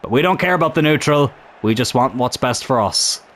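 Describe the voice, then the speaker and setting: A man commentating his own football video game match in a casual, chatty way, getting excited at big chances. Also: mid-range voice, a little fast. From Ireland.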